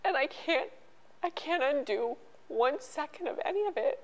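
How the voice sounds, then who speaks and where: A middle-aged woman telling a personal story as an interview guest, halting and emotional, with many restarts. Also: high voice, animated, rough recording. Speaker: podcast guest.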